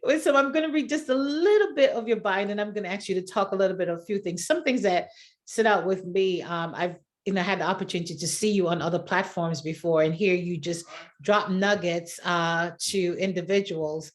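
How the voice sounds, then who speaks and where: A woman's voice: on the low side, fairly quick. Woman podcast host, gushing and encouraging, laughs a lot. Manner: effusive, warm and encouraging, laughs often. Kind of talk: casual interview chat.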